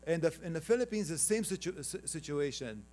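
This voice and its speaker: A man with an Afghan accent presents slides at a business conference. His voice sits a little high, and a faint electrical hum runs under his talk. He speaks conversationally and teases the room now and then. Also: animated, fairly quick, darkish tone. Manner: conversational, teasing the audience, calls for next slides.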